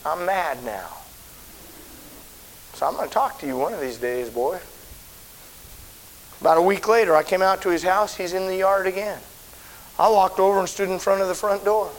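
Middle-aged preacher guy telling a church story, kinda high voice, light hiss behind. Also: normal speed, pauses often, poor audio. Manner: folksy storytelling, swelling to shouted preaching. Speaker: pastor. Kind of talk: sermon storytelling. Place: church auditorium. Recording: faint hiss.

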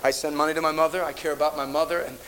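A man's voice: on the high side, little pitch movement, racing, fairly bright tone, a little hiss or hum, poor audio. A middle-aged man preaching a sermon as a pastor, telling stories in a rambling way with many restarts. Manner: rambling anecdotal delivery with frequent restarts. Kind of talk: storytelling sermon.

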